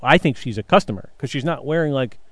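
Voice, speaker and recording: A man in a loose, profane chat, telling a story with animated delivery and acting out the people he quotes. His voice sits at a middle pitch, recorded close and dry with no room sound. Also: fast, no echo. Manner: animated, swears freely, acts out quotes, laughs a lot. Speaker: podcast co-host telling a story.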